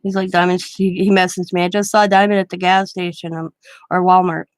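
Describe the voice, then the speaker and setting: A woman's voice: lowish voice, little pitch movement, a little fast, clear, resonant tone, no echo. A middle-aged woman hosting a craft livestream, chatting casually and rambling through anecdotes while she works. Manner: rambling anecdotes, quoting others in her own voice. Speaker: craft channel host.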